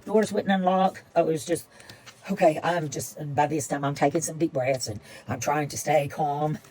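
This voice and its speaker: A woman's voice: deep voice, steady tone, normal speed, dark tone, a little hiss or hum, rough recording. An older woman, chatting casually and rambling as she tells a story while she crafts at home. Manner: rambling, chatty, repeats herself. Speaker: paper-craft vlogger.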